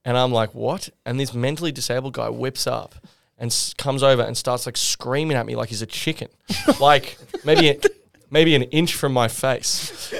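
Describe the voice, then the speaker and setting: A man's voice: medium pitch, moderate pace, vocal fry. Laughing Australian man telling a story. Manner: animated, laughing, acts out other people. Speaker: podcast guest. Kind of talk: casual storytelling.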